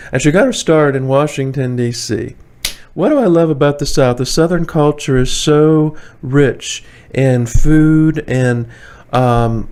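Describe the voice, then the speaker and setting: Man with a Tidewater Virginia accent and an average-pitched voice, talking casually and rambling in a home vlog. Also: a little mellow. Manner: chatty, rambling, many fillers, chuckles often. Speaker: vlogger. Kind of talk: casual opinionated monologue. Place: indoors, warm room.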